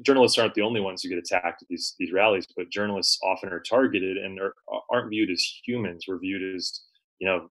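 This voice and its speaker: A man, a journalist guest, recounting an experience in relaxed conversation with frequent fillers and restarts. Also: sits low, low-quality recording. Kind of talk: conversational storytelling.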